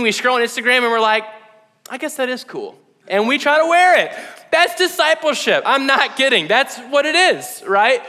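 A young man giving a sermon as a pastor, talking casually with lots of slang, asking "right?" and using many "like"s. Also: sits high. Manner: casual, animated, slangy preaching with frequent "like" and "right?". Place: church hall. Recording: reverberant hall.

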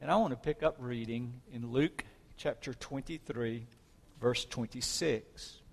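A man delivers a sermon in a dramatic storytelling manner, his voice swelling on key moments. His voice is of middling pitch and carries the long reverb of a hall. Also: a little slow, vocal fry, slight background noise. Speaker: preacher.

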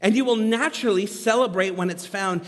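A man in his thirties telling a story in a sermon as a pastor, animated and poking fun at himself. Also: high-pitched, fairly quick. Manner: animated, self-mocking humor. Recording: long reverb from a large hall.

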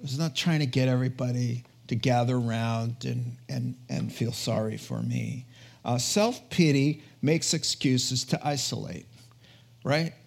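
A man's voice: mid-range voice, expressive, a little slow, vocal fry. A man preaching a conversational sermon in an earnest, chatty way, often checking in with his listeners. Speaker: pastor.

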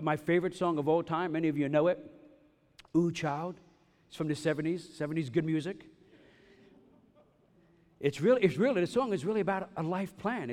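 Male pastor, sermon, emphatic and repetitive, fairly high voice, long hall echo. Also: darkish tone. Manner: emphatic, repetitive preaching with humorous asides. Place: church sanctuary. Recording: long reverb of a large hall.

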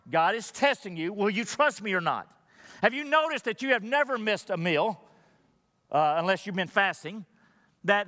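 A man preaching in a high, bright voice that carries a long reverb from a large hall. He delivers his sermon conversationally, putting rhetorical questions to the congregation. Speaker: pastor.

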